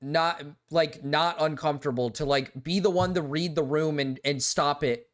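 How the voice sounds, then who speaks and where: A man's voice: fairly high pitch, steady tone, moderate pace. A young man hosting a live stream, talking casually in a rambling, exasperated way, full of "like" and repeated words. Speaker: livestream host.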